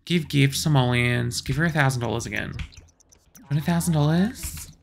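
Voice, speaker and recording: A woman's voice: low voice, moderate pace, gravelly, a little hiss or hum. A woman giving let's play commentary, exasperated and bossing her game characters around as she talks to herself. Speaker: gaming channel host.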